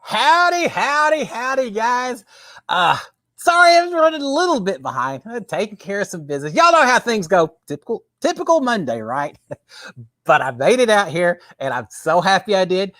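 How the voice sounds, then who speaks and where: Texan man host, folksy chatter, animated voice, dry close sound. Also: sits high, a little fast, no echo. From Texas. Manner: folksy, chatty, reads viewer comments aloud. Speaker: livestream host. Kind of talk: casual live-stream chat. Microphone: webcam with green screen.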